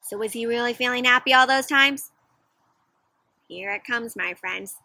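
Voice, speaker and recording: A young woman reads a picture book aloud to kids with a high, bright voice. She is animated, gasps at the surprises, and keeps asking her listeners questions. The recording is dry, with no room echo. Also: moderate pace, vocal fry. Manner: animated, gasping, asks children questions. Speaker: children's storyteller. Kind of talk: interactive read-aloud for kids.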